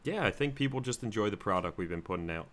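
A man's voice: lowish voice, animated, quick pace, a bit bright. A man co-hosting a podcast in casual chat, agreeing enthusiastically. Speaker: podcast co-host.

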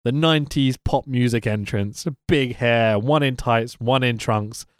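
A man co-hosting a wrestling podcast in casual chat, swearing freely, laughing often and rambling quickly. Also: medium pitch, clear, resonant tone, no echo, clean studio sound.

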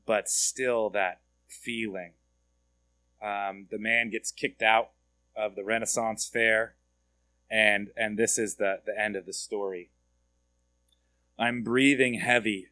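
A man's voice: lowish voice, steady tone, measured pace, sharp tone, dry recording. A man giving a conversational sermon as a pastor, often asking his listeners direct questions and repeating words as he goes.

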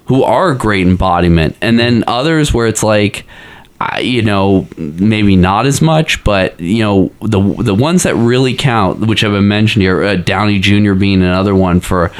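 A man's voice: fairly low pitch, moderate pace, smooth. A man in a casual podcast chat, rambling with many fillers and restarts. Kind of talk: casual pop-culture chat.

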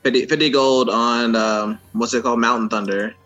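A man speaks bluntly as a player in a tabletop game. His voice is bright and forceful, with faint music in the background. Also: mid-range voice, fairly even intonation, moderate pace, highs cut off. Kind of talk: playing a tabletop game, casual chat.

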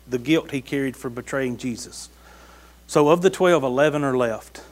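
High-voiced folksy preacher man. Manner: folksy, conversational preaching with rhetorical questions. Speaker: pastor. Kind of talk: sermon.

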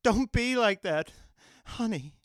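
A woman's voice: a little high, expressive, slow, no room sound, studio quality. A woman playing a wounded, pleading father who keeps repeating himself. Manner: pleading, repetitive. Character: soft wounded middle-aged father.

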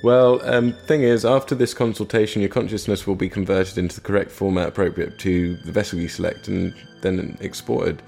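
Man doing an awkward doctor, hesitant, low-voiced, apologetic. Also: steady tone, fairly quick, vocal fry, hardly any pauses, darkish tone, faint music behind.

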